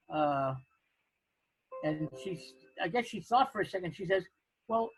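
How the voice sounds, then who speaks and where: An older man telling a personal anecdote, halting and restarting, acting out the other people's lines. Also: high-pitched, expressive, breathy edge, no echo, poor audio. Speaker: storyteller.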